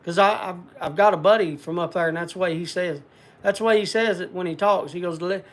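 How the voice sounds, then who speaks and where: A man's voice: high-pitched, fast talker. An older man hosting a casual livestream, rambling in a folksy country way and answering viewer comments. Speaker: livestream host.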